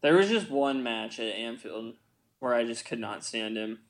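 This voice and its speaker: A man's voice: mid-range voice, animated, moderate pace. An American man with a mid-range voice chats on a podcast. He is laid-back, swears freely, and chuckles as he gives his opinions. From United States. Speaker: podcast co-host. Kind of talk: casual film podcast chat.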